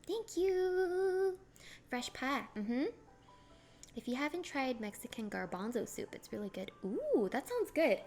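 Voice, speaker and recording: Bubbly high-voiced woman chatting while cooking. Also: big pitch swings, measured pace, a little mellow, faint music behind. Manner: bubbly, giggly, talks to chat while cooking. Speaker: cooking streamer. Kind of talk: casual cooking stream chat.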